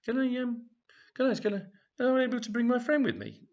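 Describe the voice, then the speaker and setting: A man voicing an eager, giggly woman learning snooker, with husky, breathy exclamations of delight. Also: very high-pitched, big pitch swings, fast, darkish tone, pitched above the performer's own voice, full character voice. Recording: dull, lo-fi home recording.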